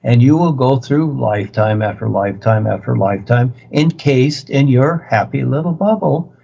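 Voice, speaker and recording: A man's voice: mid-range voice, animated, normal speed, vocal fry, dark tone. A man teaching on a video call, in an insistent, repetitive, preachy way. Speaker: spiritual teacher. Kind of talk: lecturing over a video call. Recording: muffled video-call audio.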